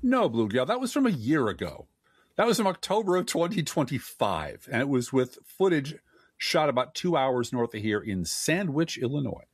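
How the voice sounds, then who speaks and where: A man's voice: mid-range voice, sing-song, normal speed, husky, no room sound, studio quality. A man co-hosting a political podcast, reading news quotes with sarcasm. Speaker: podcast co-host. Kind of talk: political commentary chat.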